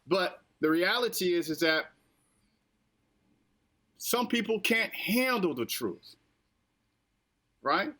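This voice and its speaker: An American man hosts a casual political podcast in a high, bright voice. He repeats himself and lectures the audience directly, like a man giving a sermon. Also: big pitch swings, slow pace, long pauses. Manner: preachy, repetitive, addresses listeners directly. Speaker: podcast host.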